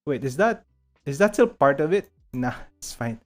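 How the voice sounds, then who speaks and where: A man with a Filipino accent streaming live, rambling casually to his chat while he sorts out his software. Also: fairly high pitch, big pitch swings, moderate pace, faint music behind. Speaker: VTuber streamer.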